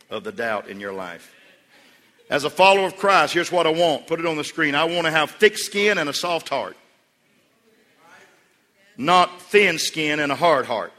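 A man preaching from the pulpit of a church sanctuary, his voice bright and forceful. He drops to a hushed storytelling tone, then rises into loud, emphatic calls to the congregation. A long reverb trails every phrase. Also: a little high. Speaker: pastor. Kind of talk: sermon.

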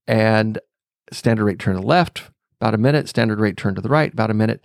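A middle-aged podcast host tells a personal story in a reflective monologue, thinking aloud with fillers and small chuckles. His low, gravelly voice moves fast, and the studio-quality recording has no room sound.

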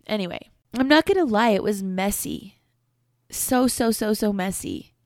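A woman's voice: mid-range voice, animated, unhurried, no room sound. Woman, middle-aged, earnest and reflective, repeats herself for emphasis, candid monologue, dry close mic.

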